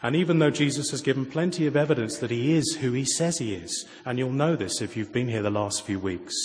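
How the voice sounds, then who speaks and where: A man preaching a sermon, moving from raised, emphatic lines to quiet, intimate asides and pointed rhetorical questions. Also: medium pitch, fairly quick. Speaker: pastor. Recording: long reverb of a large hall.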